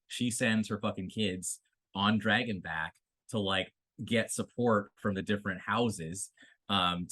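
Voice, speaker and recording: A man co-hosting a podcast, giving a profane, animated casual recap of a TV episode. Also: lowish voice. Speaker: podcast co-host.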